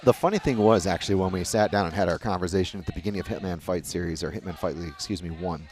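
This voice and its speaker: A man's voice: low-pitched, racing, a little mellow. A man hosting a live watch-party stream, interviewing a guest in an upbeat, friendly way. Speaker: host.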